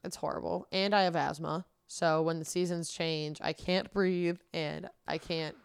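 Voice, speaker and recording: Young woman, podcast co-host, low gravelly voice, smooth and dry, rambling casual chat. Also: steady tone, unhurried, no echo. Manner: rambling, filler-heavy storytelling.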